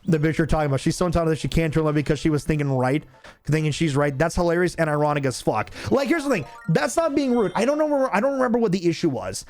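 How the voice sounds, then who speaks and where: Male streamer, casual storyteller, profane and animated, slightly raised pitch, light music underneath. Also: quick pace. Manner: profane, laughing, animated venting. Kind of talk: casual gameplay commentary with storytelling.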